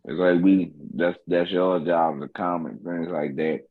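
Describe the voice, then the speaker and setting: Podcast co-host, male, very deep voice, relaxed and dry, muffled lo-fi recording. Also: unhurried. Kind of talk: casual chat.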